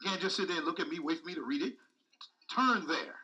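A man's voice: a little high, fast, bright, forceful tone, distant mic, poor audio. A man preaching a sermon with speech, repeating phrases and calling out to the congregation. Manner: call-and-response preaching, repetitive, emphatic.

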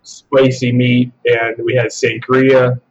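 A man's voice: medium pitch, slow pace. Man, podcast guest, casual storyteller, swears, slightly dull audio. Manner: relaxed, swears freely, laughs while telling.

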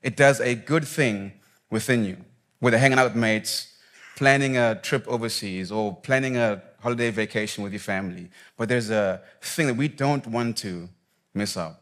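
A man's voice: lowish voice, moderate pace, fairly bright tone. A young man preaching in a casual, conversational way, reading scripture, praying and telling a personal story with slang and fillers.

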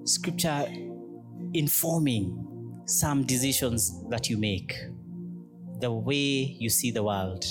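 A man preaching a reflective sermon as a pastor, speaking gently and unhurriedly in short, broken phrases that lead into prayer. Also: medium pitch, slow, pauses often, loud music behind the voice.

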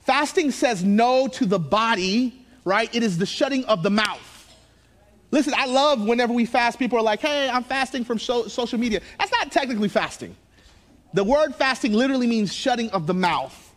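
A young male pastor preaches to his church in a very high-pitched voice at normal speed. He's animated, shifting from hushed asides to loud, excited bursts and laughing at himself.

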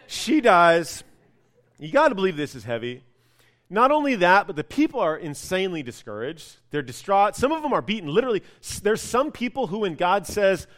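A man with a fairly high voice preaching to his congregation. He tells the story in a chatty, animated way, drops casual asides and shifts his tone often. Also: a little fast. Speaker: pastor. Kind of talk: sermon.

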